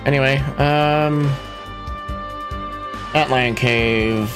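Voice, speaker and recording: A man's voice: medium pitch, measured pace, long pauses, music in the background. A man streaming a game, talking through it in a rambling, casual way. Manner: rambling, chuckling asides. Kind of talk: gameplay commentary.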